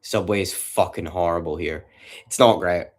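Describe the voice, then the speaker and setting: Deep-voiced man streaming. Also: steady tone, moderate pace. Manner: profane, rambling banter with chat. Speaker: livestreamer. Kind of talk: casual chat with a livestream audience. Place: his home at night.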